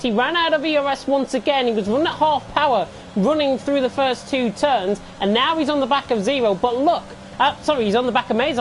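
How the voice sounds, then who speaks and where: A man with a high voice gives enthusiastic colour commentary on a sim race. A faint hiss sits beneath the stream audio. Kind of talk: live sim racing commentary.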